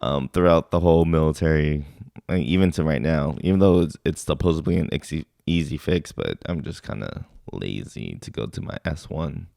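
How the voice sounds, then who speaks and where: A young man, a podcast co-host and army veteran from Sacramento, telling a story in casual chat, animated and swearing freely, acting out shouted drill exchanges. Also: rumbling low, normal speed, gravelly, dry recording, clean studio sound.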